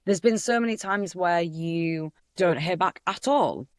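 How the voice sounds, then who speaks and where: A woman's voice: on the low side, a little slow, dry recording, studio quality. Chatty young woman with a Hull accent. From Hull, England. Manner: chatty, animated storytelling. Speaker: guest actor. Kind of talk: casual podcast chat.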